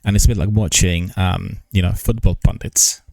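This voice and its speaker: Older male streamer, deep voice, halting formal delivery, dry close sound. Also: steady tone, vocal fry, a little mellow, no echo. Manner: slow, halting, many ums and restarts; careful, formal enunciation. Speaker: gaming news streamer. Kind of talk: casual live-stream chat.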